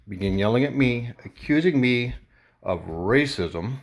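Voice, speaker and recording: A man vlogger casually recounting a confrontation in an animated, indignant way. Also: medium pitch, a little slow, creaky, highs cut off. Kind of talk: casual storytelling to camera.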